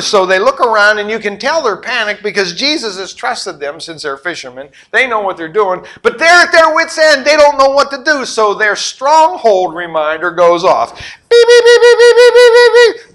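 Middle-aged preacher guy, high bright voice, super animated, loud then quiet. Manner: animated storytelling, acting out voices and sound effects; swings between loud exclamations and quiet asides. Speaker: pastor. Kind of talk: sermon.

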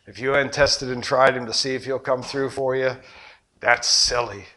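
An older man preaching a sermon as a pastor, with rhetorical questions and passion that surges loud and then drops low. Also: steady tone, moderate pace, slight background noise. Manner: impassioned preaching, rhetorical questions, surging and dropping loudness.

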